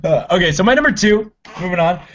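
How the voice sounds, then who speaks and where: Casual podcast co-host, man, slightly high voice, laid-back and profane, muffled lo-fi audio. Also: lively intonation, fast talker, a bit bright, slight background noise. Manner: laid-back, swears freely, laughs often. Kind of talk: casual chat about comedy films. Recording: lo-fi dull audio.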